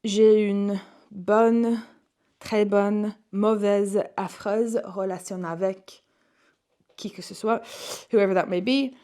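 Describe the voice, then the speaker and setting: A woman's voice: mid-range voice, fairly even intonation, slow pace, mellow. A young woman teaching a French exam-prep lesson online, explaining in English and reading French questions aloud.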